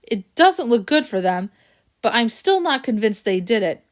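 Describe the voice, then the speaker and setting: A woman's voice: a little high, very animated, moderate pace. Dry knowing male cat detective, voiced by a woman, smug, smart-mouthed.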